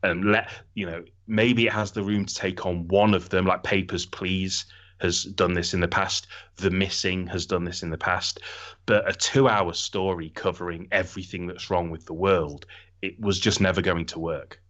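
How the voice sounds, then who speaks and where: A man with a very low voice reviews a game on a podcast. He is earnest and critical but casual. He talks it through at an easy pace. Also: little pitch movement, normal speed, fairly bright tone, muffled recording. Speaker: podcast co-host. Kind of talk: casual chat.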